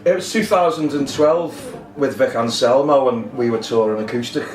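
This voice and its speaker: A man being interviewed backstage, relaxed and joking with dry humour. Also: medium pitch, normal speed. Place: backstage at a music club. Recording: roomy, distant, noisy room.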